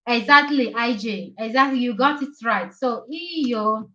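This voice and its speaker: A woman teaching on a live stream who talks in a slow, halting way, with many fillers as she writes, and who repeats verb forms and encourages her viewers. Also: on the high side, pushed and bright. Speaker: Italian language tutor on a live stream. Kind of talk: live-stream language lesson. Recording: echoey, slightly dull live-stream audio.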